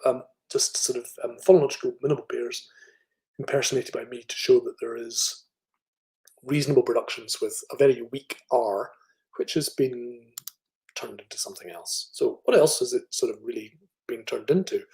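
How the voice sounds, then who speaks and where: A middle-aged Scottish man with an educated, middle-class accent works through a phonetics talk. He speaks at a mid pitch, thinks aloud with fillers and restarts, and sounds out sample words as he goes. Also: creaky, a little mellow, rough recording. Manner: thoughtful, with fillers and restarts, demonstrating speech sounds. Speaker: phonetics professor giving a lecture. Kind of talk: academic online lecture.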